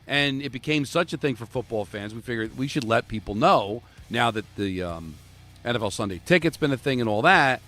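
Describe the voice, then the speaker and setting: A man's voice: medium pitch, lively intonation, fairly quick, fairly bright tone, soft background music. A man co-hosting a sports radio show, blunt and opinionated as he argues a point.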